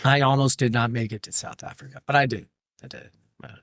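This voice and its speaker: A man, a podcast guest, tells a lively story in casual chat, laughing and acting out what others said. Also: medium pitch, brisk, no room sound, clean studio sound. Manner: animated, laughing, acts out quotes. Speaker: podcast guest, brewery owner.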